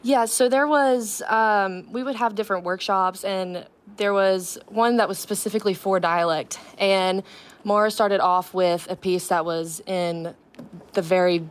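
A woman's voice: mid-range voice, steady tone, a little slow, clear, resonant tone. A young woman, a student actress, talking as a guest on a radio interview. She speaks in a bubbly, earnest way and laughs often.

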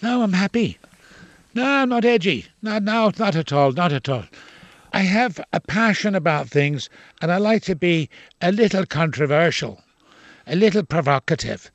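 A man's voice: high-pitched, lively intonation, normal speed, no echo, dull audio. An older man, an actor giving an opinionated, emphatic interview and repeating his points. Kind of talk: casual interview talk.

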